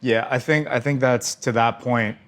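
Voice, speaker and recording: A man hosting a casual podcast, agreeable and relaxed, swearing now and then. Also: mid-range voice, moderate pace. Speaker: podcast host.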